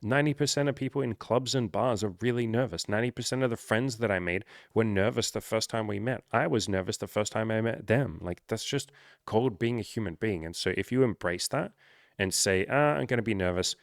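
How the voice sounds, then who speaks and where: Blunt, low-voiced male dating coach. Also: fairly quick, dry recording, studio quality. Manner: blunt, swears freely, self-mocking. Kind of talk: casual unscripted coaching talk.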